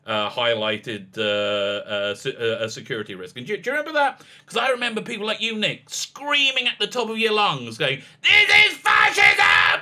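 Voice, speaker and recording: Rabbi commentator, male, very bright edgy tone, stop-start delivery that climbs into pointed challenges. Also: medium pitch. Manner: halting, many restarts, emphatic rising challenges. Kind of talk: argumentative political commentary.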